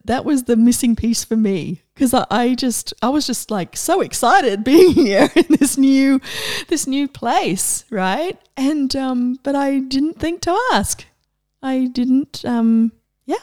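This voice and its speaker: A middle-aged woman coach giving a casual, enthusiastic inspirational talk, animated and laughing often. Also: on the high side, no echo, studio quality.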